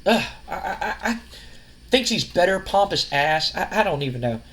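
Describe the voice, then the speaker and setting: A man's voice: high-pitched, very animated, moderate pace, fairly bright tone. A man voicing a young woman who chats hesitantly and mocks a rival. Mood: gossipy.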